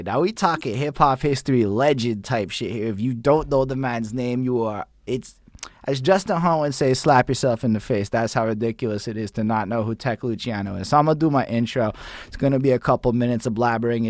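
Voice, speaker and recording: A man, hosting a livestreamed interview in an excited, rambling way with plenty of swearing. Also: medium pitch, brisk, dry recording, studio quality. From Montreal, Canada. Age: 30s. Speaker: host.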